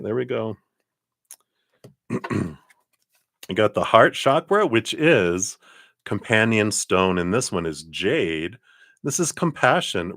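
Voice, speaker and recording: A man giving a live tarot card reading in a relaxed, chatty way, often laughing. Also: deep voice, no room sound, studio quality.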